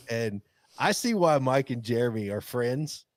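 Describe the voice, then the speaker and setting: A man co-hosting a podcast rambles through a hunting story in casual chat, full of restarts and chuckles. His voice is medium-pitched and the recording is dry.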